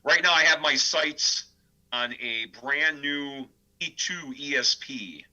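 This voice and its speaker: A man's voice: a little high, slow pace, rough recording. A man from the American Midwest, a death metal vocalist and guitarist, telling rambling stories as a podcast guest. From Midwest United States. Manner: animated, rambling, many filler words. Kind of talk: casual storytelling interview.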